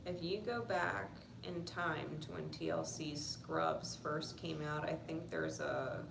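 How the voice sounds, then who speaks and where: A woman's voice: deep voice, slow, vocal fry, far from the mic. Blunt, profane woman tarot reader. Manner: blunt and profane, swings to animated outbursts. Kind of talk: casual tarot reading. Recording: echoey room with noise.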